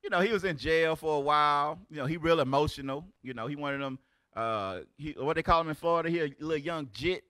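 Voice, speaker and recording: A man in his forties, a religious teacher giving loud, exclamatory preaching commentary in casual street talk. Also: fairly high pitch, fast, smooth, no room sound. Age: 40s. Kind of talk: animated preaching commentary on videos.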